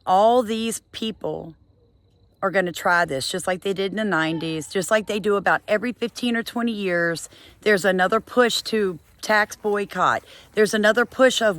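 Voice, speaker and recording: Here a middle-aged woman, a homesteading vlogger, lectures her viewers emphatically and with clear exasperation, now and then jumping into sharp high bursts. She talks at a normal speed in a slightly bright voice, with no room sound audible.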